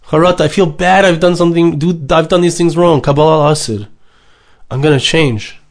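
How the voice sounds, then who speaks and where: Emotional rabbi giving an emphatic sermon. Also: male voice, a little high, fairly even intonation, quick pace. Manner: emotional, emphatic, repeats phrases, mixes Hebrew terms.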